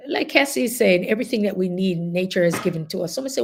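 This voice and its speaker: A woman's voice: medium pitch, quick pace, creaky, hardly any pauses, breathy edge. A middle-aged woman with a Jamaican accent, chatting casually as host and telling stories with laughter. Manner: animated, laughing, chatty storytelling. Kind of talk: casual group chat.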